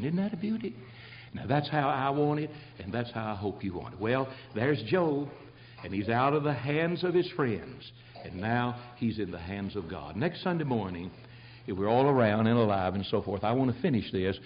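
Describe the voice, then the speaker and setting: A man's voice: medium pitch, big pitch swings, normal speed, a little hiss or hum. Older man preaching a fiery folksy sermon. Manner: fiery folksy preaching, swinging between loud and quiet. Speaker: pastor. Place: church sanctuary. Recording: dull lo-fi church recording.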